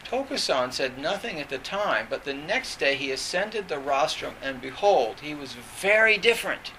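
A man gives an informal Zen dharma talk, his voice very bright and cutting with a slightly high pitch. He meanders through his story, restarting phrases and filling gaps with "you know". Faint noise hums underneath. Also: very animated, normal speed, low-quality recording.

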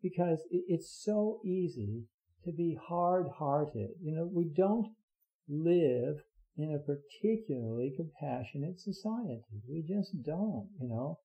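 An older man giving an earnest dharma talk as a Zen teacher, halting with many fillers and restarts. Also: fairly high pitch, animated. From United States. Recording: dull lo-fi recording.

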